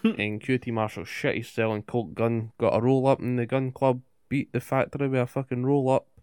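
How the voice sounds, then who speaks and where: A man's voice: mid-range voice, fairly even intonation, a little mellow, clear, resonant tone, no room sound, studio quality. Sweary man recapping wrestling. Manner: sweary, quick recap of events, rhetorical questions. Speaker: podcast co-host. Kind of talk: casual wrestling recap chat.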